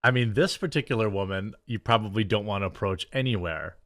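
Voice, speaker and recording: A man's voice: fairly low pitch, a little fast, a bit bright, dry recording. Sarcastic man with a dry, close sound. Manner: mocking, sarcastic. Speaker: commentary host. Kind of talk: reaction commentary.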